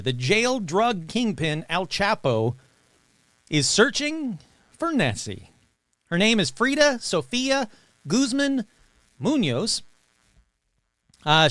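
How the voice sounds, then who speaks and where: A man's voice: sits high, a bit bright, no echo. A man hosting a paranormal podcast, reading news items aloud and adding casual joking asides. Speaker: podcast host.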